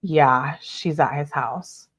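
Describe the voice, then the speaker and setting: Low-voiced woman reading texts aloud. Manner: emphatic, censors swear words. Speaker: true crime commentator. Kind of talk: reading text messages aloud with commentary.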